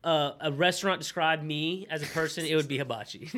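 A young man co-hosting a podcast, telling stories in a loud, animated way, swearing and using lots of fillers. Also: fairly high pitch, a little fast. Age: young adult. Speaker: podcast co-host. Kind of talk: casual chat.

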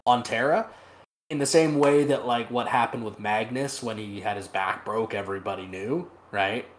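A man's voice: fairly low pitch, moderate pace. A man co-hosting a podcast, retelling a story in casual chat, swearing freely and laughing as he goes, recorded over a remote call. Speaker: podcast co-host. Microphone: remote call microphone.

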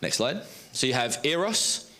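A man preaching a sermon on a stage before an audience, lively and joking at his own expense. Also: medium pitch, unhurried. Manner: lively, joking, self-deprecating storyteller.

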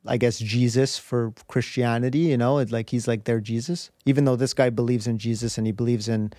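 A man's voice: mid-range voice, steady tone, fairly quick, mellow, no echo, clean studio sound. A man as a podcast guest, telling a personal story in an earnest, rambling way with many restarts. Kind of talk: candid storytelling in conversation.

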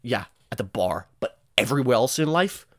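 A young man doing a rambling, profane comedic monologue, often jumping into high-pitched voices for the people he quotes. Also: very animated, a little fast, a bit bright.

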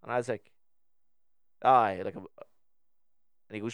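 A man's voice: medium pitch, moderate pace, pauses often, smooth, no room sound, studio quality. A young man with a Northern Irish accent, telling a story in casual chat on a podcast and acting out both sides of the conversation.

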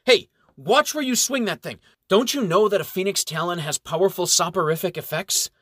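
A short, irritable halfling monk who barks his lines loudly in a raised, strained voice, as a storybook narrator puts him on. The reading sounds close and dry. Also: fairly high pitch, level tone, normal speed, dry recording, pitched above the performer's own voice, lightly acted. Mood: barking. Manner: barking, sharp.

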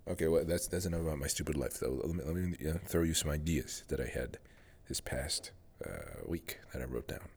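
A man's voice: extremely low pitch, expressive, fairly quick, gravelly, darkish tone, slightly rough. A man with a General American accent, rambling through a casual solo monologue as a podcast host. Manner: rambling, musing, many fillers and restarts.

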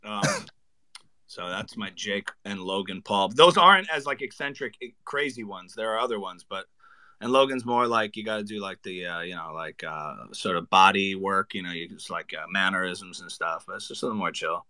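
A man's voice: deep voice, moderate pace, pushed and bright, dry recording, rough recording. Laid-back man explaining impressions. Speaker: guest impressionist. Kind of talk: casual chat.

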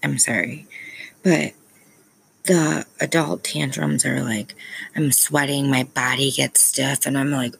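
A woman's voice: extremely low pitch, fairly even intonation, slow pace, creaky, a little hiss or hum, poor audio. A young woman, a parent, talking candidly to her viewers in a rambling vlog, with plenty of ums and self-aware asides. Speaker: parent vlogger.

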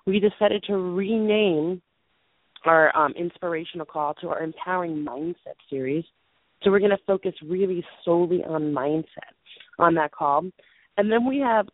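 A hoarse woman in her late twenties, losing her voice as she co-hosts a call-in show. She talks in an earnest, rambling way, clearing her throat and restarting sentences. The sound is a thin, tinny phone line with no room around it. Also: lowish voice, no echo. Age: 20s. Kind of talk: casual show announcement.

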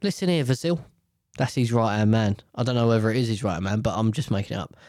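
A man's voice: fairly low pitch, steady tone, racing, a little mellow, no echo, clean studio sound. A man in casual, rambling commentary on the news, swearing freely and often correcting himself.

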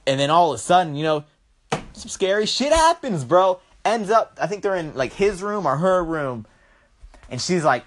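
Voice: medium pitch, big pitch swings, normal speed. A young adult vlogger casually recapping a horror movie in a rambling, profane, slangy way.

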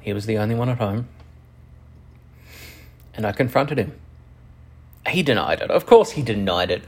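A young man telling a personal story frankly and profanely, halting often with restarts. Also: lowish voice, lively intonation, vocal fry, darkish tone, husky. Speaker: channel host.

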